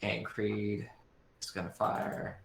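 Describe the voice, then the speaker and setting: A man running a tabletop game as game master, talking haltingly with lots of fillers. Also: on the low side, flat delivery, creaky. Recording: echoey room with faint background noise.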